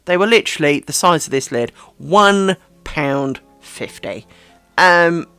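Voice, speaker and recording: A woman's voice: deep voice, expressive, slow pace, bright, forceful tone, smooth, no room sound, soft background music. A woman from Britain chatting casually on a craft live stream, talking to her viewers and fussing over her dogs.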